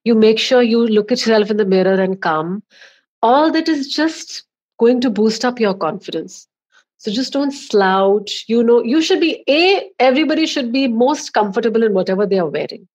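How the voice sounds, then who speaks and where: An Indian-accented woman speaks as a guest coach on a podcast, her voice sitting a touch high. She lays out advice in an instructive, emphatic way, stressing key words and walking through examples. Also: animated, normal speed, a little mellow.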